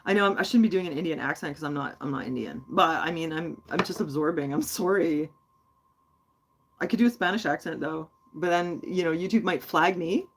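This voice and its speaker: A woman hosts a casual livestream, answering her viewers in a chatty, rambling way full of fillers. Her voice sits low, sounds husky, and moves briskly.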